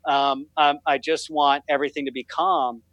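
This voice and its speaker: A man's voice: on the high side, flat delivery, normal speed, fairly bright tone, no echo, dull audio. Man, podcast guest, rambling storyteller, self-deprecating, dry close sound. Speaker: podcast guest, fatherhood writer. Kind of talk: casual podcast conversation.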